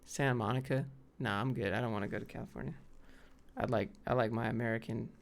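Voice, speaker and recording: A man's voice: medium pitch, steady tone, fast talker, gravelly. A man from Atlanta hosting a casual live stream, talking in a laid-back, offhand way with many fillers. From Atlanta, Georgia, US.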